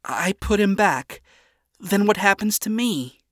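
A man voicing a tired, rattled young woman who is hopeful about a villain, in a high and earnest tone. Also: animated, a little slow, a bit bright, dry recording, clean studio sound. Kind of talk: audiobook character voice.

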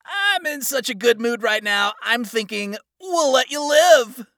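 A man voicing a cruel, gleeful male angel commander who mocks and shouts his orders loud. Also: extremely high pitch, lively intonation, a little slow, no room sound, clean studio sound, pitched above the performer's own voice, full character voice. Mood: gloating.

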